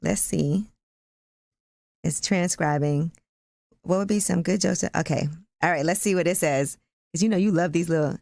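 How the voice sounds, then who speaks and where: A woman's voice: fairly low pitch, normal speed, creaky, long pauses, darkish tone, dry recording. Woman on a show, teasing and curious, dry close sound. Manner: playful, curious, reads from her phone. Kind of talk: casual chat on a show.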